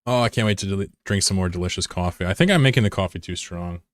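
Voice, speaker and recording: Laid-back, cursing male streamer, low voice. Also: no room sound. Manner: laid-back, profane, quick to laugh; chats with viewers while playing a game. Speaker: live streamer. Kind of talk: casual livestream chat.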